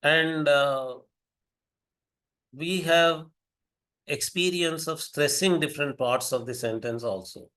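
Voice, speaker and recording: A man giving an academic lecture, deliberate and repeating key phrases for emphasis. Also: mid-range voice, fairly bright tone.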